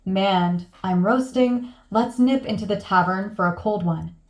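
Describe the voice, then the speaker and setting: A man's voice: sits high, measured pace. A woman voicing a sly man who schemes to sneak his dog into a bar, eager and confident. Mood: scheming.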